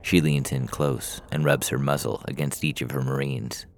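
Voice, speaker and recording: Very deep gravelly male narrator. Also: flat delivery, normal speed, a little hiss or hum. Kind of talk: scripted story narration.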